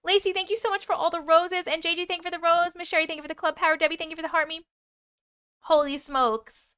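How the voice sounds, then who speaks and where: A woman hosts a casual livestream, reading comments and racing through thank-yous to gifters. She's chatty and excitable, swearing casually and often gasping and laughing. Her high voice sounds bright and sharp, captured dry and close with no room sound or echo.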